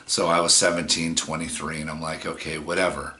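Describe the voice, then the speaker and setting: A man's voice: rumbling low, monotone, fairly quick, sharp tone. A man in his forties telling a personal story in a casual, rambling way, with plenty of swearing and fillers. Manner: rambling, profane, many fillers. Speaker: vlogger.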